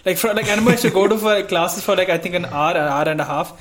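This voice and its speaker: High-voiced young man telling stories. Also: very fast. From India. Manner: animated storyteller, laughs while telling stories. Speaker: podcast co-host. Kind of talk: casual chat.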